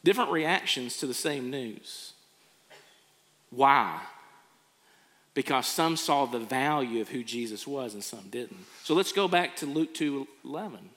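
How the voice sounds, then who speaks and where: A man's voice: mid-range voice, animated, a little slow, a bit bright. A man preaching a sermon, earnestly acting out people's reactions. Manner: earnest, acts out quoted reactions. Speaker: pastor. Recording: long hall reverb.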